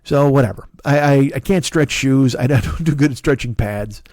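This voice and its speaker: A man's voice: mid-range voice, normal speed, darkish tone, no echo, studio quality. A man in his fifties giving a rambling, self-deprecating comic monologue, swearing often and restarting sentences. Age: 50s. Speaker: comedian and podcast host.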